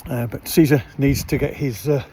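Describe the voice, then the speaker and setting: Relaxed, rambling man vlogging outdoors. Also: mid-range voice, moderate pace, a little hiss or hum. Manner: rambling, relaxed, many fillers. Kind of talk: casual vlog narration. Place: outdoors at night beside a parked van.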